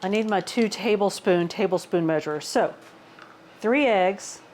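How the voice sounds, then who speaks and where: A woman's voice: medium pitch, measured pace, darkish tone, slight background noise. Rambling woman chatting in her kitchen. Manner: rambling, self-deprecating, says "y'all" a lot. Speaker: fitness and cooking vlogger. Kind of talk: casual chatty cooking vlog. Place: home kitchen.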